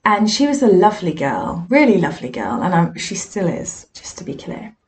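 A woman's voice: lowish voice, big pitch swings, moderate pace. A woman, a podcast host and medium, telling candid, self-deprecating stories from her own work. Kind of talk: personal storytelling monologue.

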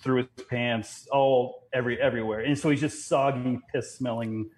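Halting young man chatting casually. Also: mid-range voice, steady tone. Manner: halting, full of fillers and restarts. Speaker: guest. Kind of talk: casual podcast chat.

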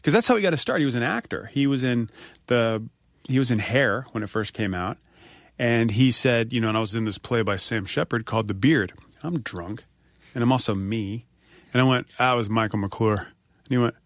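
A man hosting a podcast, telling stories in a loose, swearing, animated way. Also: medium pitch, normal speed, creaky, dry recording, studio quality. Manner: animated storyteller, swears freely. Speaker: podcast host. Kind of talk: casual podcast chat, storytelling.

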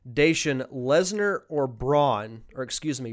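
A man's voice: medium pitch, a little slow, clear, resonant tone. A young man hosting a podcast, chatting casually through a live Q&A, reading viewer questions aloud and answering off the cuff. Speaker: podcast host.

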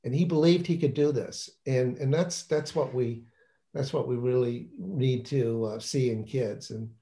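A man with an ordinary, mid-range voice talks about his children's book in a relaxed interview. He is enthusiastic and rambles, often restarting his sentences mid-thought. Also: mid-range voice, measured pace. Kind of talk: casual interview talk.

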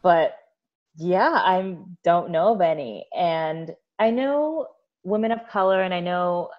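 Lively storytelling woman, muffled sound. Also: fairly low pitch, slow pace. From United States. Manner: animated storyteller, laughs often. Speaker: guest, olive oil producer. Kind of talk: casual interview storytelling.

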